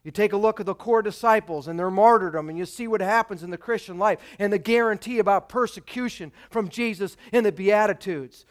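A male pastor preaching a sermon, reading scripture dramatically and swinging between loud emphatic peaks and quiet, dropped phrases. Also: sits high, a little fast, few pauses.

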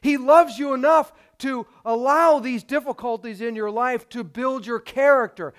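A man preaching a sermon as pastor, emphatic and putting rhetorical questions to his congregation. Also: very high voice.

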